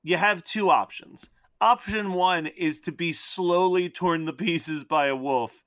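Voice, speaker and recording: A man co-hosting a casual podcast about a movie, animated and laughing often, slipping into put-on accents. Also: high voice, unhurried, dry recording, studio quality. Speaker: podcast co-host. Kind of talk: casual movie review chat.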